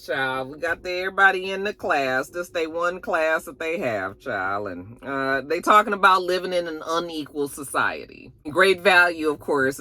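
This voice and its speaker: A woman giving a casual, profane episode recap, animated and acting out the characters as she goes. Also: deep voice. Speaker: TV episode reviewer.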